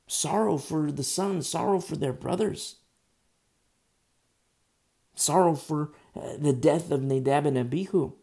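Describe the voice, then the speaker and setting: A man preaching a sermon in an emphatic, conversational way, swinging from loud bursts to hushed asides. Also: fairly high pitch, unhurried, vocal fry, long pauses.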